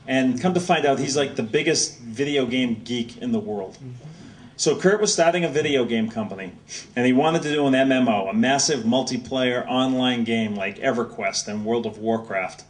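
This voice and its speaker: A middle-aged man from Massachusetts, an author speaking at a book signing, telling rambling, animated anecdotes to an audience. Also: mid-range voice, moderate pace. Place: bookstore event space. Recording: voice heard from a distance.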